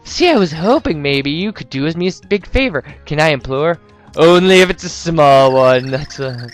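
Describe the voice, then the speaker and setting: A man doing a high, sing-song fortune teller lady. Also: lively intonation, normal speed, soft background music, lightly acted. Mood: fretful. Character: rhyming female fortune teller, fretful.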